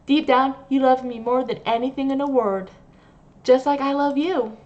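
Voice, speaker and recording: A woman's voice: high voice, fairly even intonation, moderate pace, darkish tone, muffled recording, pitched above the performer's own voice, lightly acted. A woman doing a sugary, obsessive young nurse. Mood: possessive. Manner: sugary, coaxing, possessive. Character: sweetly menacing obsessive young female nurse.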